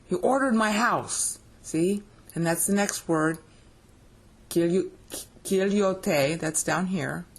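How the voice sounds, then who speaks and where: A woman's voice: on the low side, takes it slowly, slightly rough. A woman giving a screen-share scripture lesson, explaining step by step with emphasis and often checking that the listener follows. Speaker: Bible teacher.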